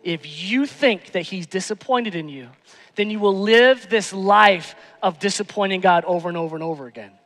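High, bright-voiced preacher man. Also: moderate pace, big-room sound. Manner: dramatic shifts between hushed intimacy and loud emphasis. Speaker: pastor. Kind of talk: sermon. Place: church sanctuary.

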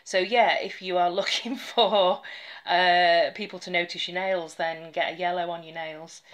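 Chatty woman, low voice. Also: steady tone, unhurried. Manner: chatty, rambling, with soft whispered asides. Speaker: nail polish vlogger. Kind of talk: casual chat to camera.

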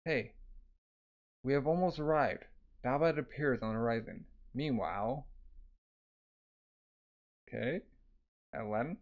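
A man's voice: medium pitch, a little slow, long pauses. A man casually reading a comic aloud, voicing sound effects and filling with "like". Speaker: manga reader. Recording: dull lo-fi recording.

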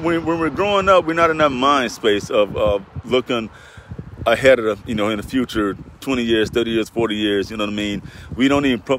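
A man's voice: lowish voice, a bit bright. A middle-aged man talking on a casual live vlog outdoors by a lake near a road, rambling and heartfelt, often repeating himself. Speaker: vlogger. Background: faint road traffic.

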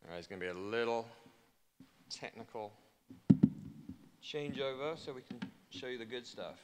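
A man with an English accent speaking to a conference audience, joking and persuasive, repeating his pitch for emphasis. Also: lively intonation, normal speed, heavy background noise. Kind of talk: keynote speech to a conference audience. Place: large conference hall. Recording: long hall reverb.

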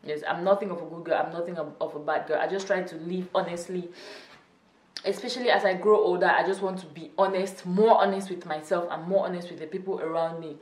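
A young woman talks casually to her channel viewers, chatty and quick to laugh. Her voice sits a little back from the mic in an echoey room. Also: fairly low pitch, steady tone, darkish tone, recorded from a distance. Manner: chatty, laughs often, teasing. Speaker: YouTuber. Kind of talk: casual vlog chat.

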